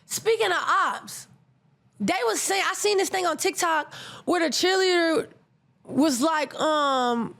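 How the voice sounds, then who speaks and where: A young woman hosting her own podcast, talking in a casual, slangy way, often repeating and stuttering words as she rushes along. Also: extremely high pitch, lively intonation, creaky, a bit bright. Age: young adult. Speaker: podcast host and college basketball player.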